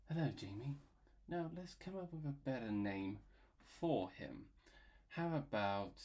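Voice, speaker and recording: Playful slow-talking man, lively pitch. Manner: playful, rambling, goes off on silly tangents. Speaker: illustrator and video creator. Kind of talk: casual drawing vlog narration.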